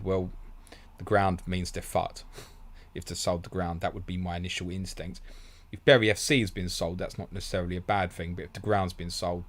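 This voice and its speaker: An English man in his young adult years, hosting a casual fantasy football live stream, reading out viewer questions and answering them bluntly, swearing casually and calling people mate. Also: sits low.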